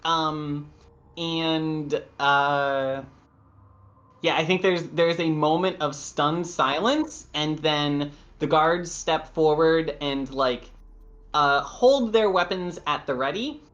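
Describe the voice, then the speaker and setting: A man's voice: fairly high pitch, slow, fairly bright tone. A man narrating a tabletop role-playing game as game master, rambling with fillers and laughing at himself. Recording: dull lo-fi audio.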